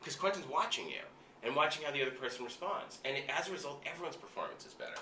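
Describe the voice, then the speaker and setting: An excitable man tells loose anecdotes, leaning on "like" and the odd curse. His voice is bright and forceful. He sits back from the mic in a reverberant room with faint ambience behind him. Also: mid-range voice, fast, far from the mic, slight background noise. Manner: animated, heavy filler "like", frequent swearing. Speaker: guest recalling film work. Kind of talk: casual anecdote telling.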